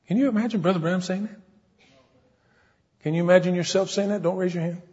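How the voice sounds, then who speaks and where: Preacher in a reverberant church hall. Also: male voice, high-pitched, fairly even intonation, fast talker, long pauses, a little mellow, slightly rough. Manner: storytelling, quotes others in acted voices, preaches with rising fervor. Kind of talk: sermon. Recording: dull lo-fi sound, long hall reverb.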